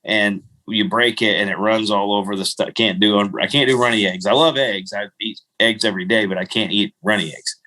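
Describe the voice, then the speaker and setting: A man's voice: lowish voice, fairly even intonation, fairly quick, few pauses, sharp tone. A middle-aged man co-hosting a podcast, rambling through self-mocking travel stories with frequent laughs. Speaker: podcast co-host. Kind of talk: casual storytelling chat.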